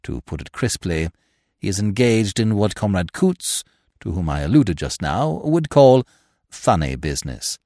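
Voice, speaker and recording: A man voicing an unflappable young gentleman who speaks in a languid, elaborately polite way. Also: deep voice, very animated, unhurried, no echo, clean studio sound, heavily acted. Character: suave young man, unflappable, verbose, whimsical.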